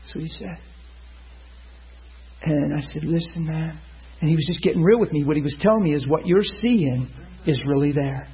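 A man preaching a sermon, telling a story and acting out the people in it with sudden loud high bursts. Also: normal speed. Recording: muffled lo-fi sound.

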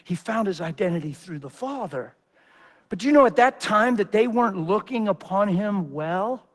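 A man's voice: sits high, expressive, normal speed. A man preacher giving a sermon, talking in an emphatic, intense way.

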